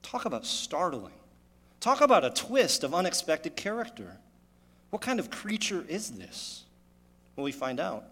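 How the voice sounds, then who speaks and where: Animated man preaching in a hall. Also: on the high side, measured pace, husky. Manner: animated preaching, rhetorical questions. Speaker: pastor. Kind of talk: sermon.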